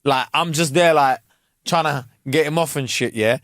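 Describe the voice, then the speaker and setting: A man, co-hosting a podcast and telling a story in a casual, animated way full of slang. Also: a little high, moderate pace, no room sound, studio quality. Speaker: podcast co-host. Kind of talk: casual chat.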